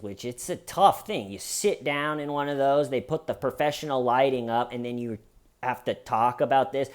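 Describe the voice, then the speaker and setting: A man's voice: mid-range voice, smooth. A man hosting a casual commentary show, talking in a sarcastic, mocking way. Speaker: host.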